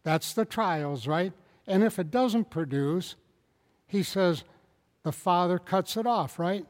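A man preaching a sermon in an animated, emphatic way, swinging up into loud bursts and tagging points with rhetorical questions, calling on listeners by name. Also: high voice, takes it slowly, in a large hall. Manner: addresses congregation members by name.

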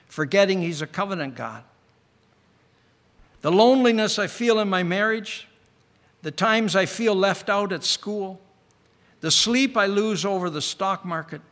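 A man delivers an earnest sermon in a high, clear voice. He slows down on key phrases and lets some lines fall almost to a hush. The sound rings with the long reverb of a large hall. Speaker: preacher.

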